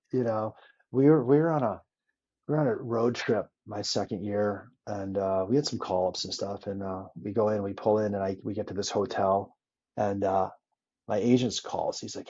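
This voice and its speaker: A man, a former hockey player, telling stories in a casual interview, animated and swearing freely as he acts out old quotes. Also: lowish voice, a little fast, breathy edge, muffled recording.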